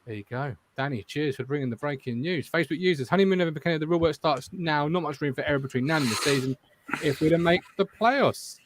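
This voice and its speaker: A man's voice: a little high, fast talker, background noise. A man with an English accent hosting a football fan show, chatting casually and reading out viewer comments. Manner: banter, reads viewer comments aloud.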